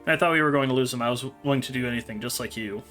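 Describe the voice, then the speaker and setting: A man's voice: medium pitch, racing, a bit bright, soft background music, lightly acted. A man reading the lines of a shy, protective teenage girl in a storybook. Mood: earnest. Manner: apologetic, then firm.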